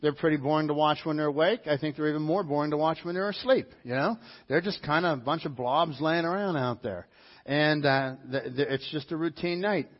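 Conversational man preaching, slightly high voice. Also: a little fast, muffled recording. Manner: conversational and emphatic, with frequent restarts. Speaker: pastor. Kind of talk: sermon.

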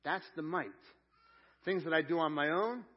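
A male pastor giving a sermon, building to loud emphatic peaks and repeating words as he speaks. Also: on the high side, normal speed, slightly rough, dull audio. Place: church sanctuary.

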